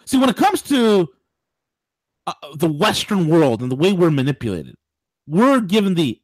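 Male radio host, political commentary, very lively pitch, dry close studio sound. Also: moderate pace, pauses often, no room sound. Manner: animated, ranting with mock voices and laughs.

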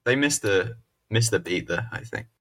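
A man's voice: on the low side, expressive, normal speed, a bit bright, husky, no room sound. A man co-hosting a comedy podcast, irreverent and rambling, swearing with lots of fillers. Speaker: podcast co-host. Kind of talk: casual comedic chat.

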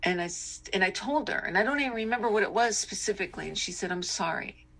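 A woman's voice: medium pitch, animated, quick pace, vocal fry, a bit bright, slight background noise. A middle-aged woman co-hosting a podcast, talking candidly and reflectively with many fillers. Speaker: podcast co-host. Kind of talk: casual podcast chat.

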